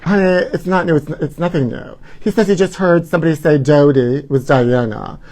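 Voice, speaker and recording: A man's voice: on the high side, brisk, a little mellow. A man hosting a live gossip show, campy and dramatic, who keeps calling his viewers honey. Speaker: host.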